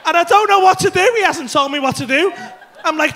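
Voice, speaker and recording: A man with a very high, gravelly voice does stand-up, telling a rambling, swear-filled story. He acts out his own panic loudly. He is recorded live in a club. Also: quick pace, a little hiss or hum. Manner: excitable, swearing, acting out panic. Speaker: stand-up comedian. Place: comedy club stage. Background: audience laughter.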